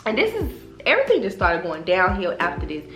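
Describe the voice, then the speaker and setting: A young woman vlogger telling a storytime in an animated, profane way, talking straight to her viewers. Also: medium pitch, brisk. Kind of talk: casual storytime. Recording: roomy echo, faint background music.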